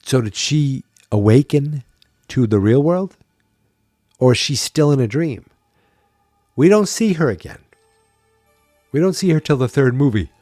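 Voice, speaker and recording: A man's voice: mid-range voice, expressive, unhurried, long pauses, mellow, dry recording, studio quality, faint music behind. A tired man hosting a podcast, chatting wryly and thinking aloud in a casual solo recap. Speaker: podcast host.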